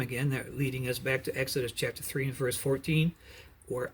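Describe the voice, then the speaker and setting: A middle-aged preacher tells a Bible story in a husky voice, stopping now and then to explain the background. His pitch sits in the ordinary male range. He keeps an earnest, steady storytelling manner. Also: normal speed.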